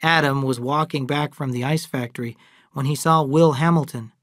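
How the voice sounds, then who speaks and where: A narrator reading a classic novel aloud in slow, clear, evenly paced English for learners. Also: mid-range voice, fairly even intonation, a bit bright, no room sound, studio quality.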